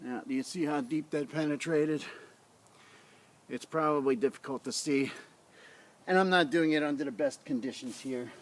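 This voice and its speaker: A man's voice: on the high side, normal speed, pauses often. A man casually reviewing a survival knife in his yard, talking in a rambling, blunt way into a tablet camera on a tripod. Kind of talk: casual outdoor demo vlog. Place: outdoors in a front yard.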